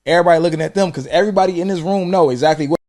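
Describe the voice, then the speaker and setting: Laid-back former teacher with AAVE. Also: male voice, on the high side, very fast. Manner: relaxed, storytelling, acts out yelling. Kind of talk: casual podcast chat.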